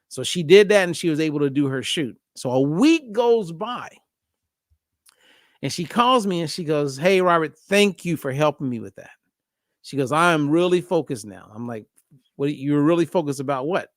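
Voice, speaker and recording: A man hosting a casual podcast conversation as a diet coach, telling a story with lively acted-out dialogue. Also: on the high side, normal speed, no room sound, studio quality. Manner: animated storyteller acting out both sides of a phone call.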